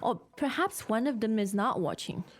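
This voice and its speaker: A woman hosting a podcast language lesson in a cheerful, brisk teaching manner. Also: a little high, animated. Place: Shanghai studio.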